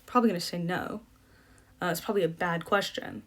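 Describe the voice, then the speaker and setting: A woman's voice: lowish voice, fairly quick, a bit bright. A young woman coaching debate, explaining in a casual, chatty way with many fillers and restarts. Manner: chatty, self-deprecating, lots of fillers and restarts.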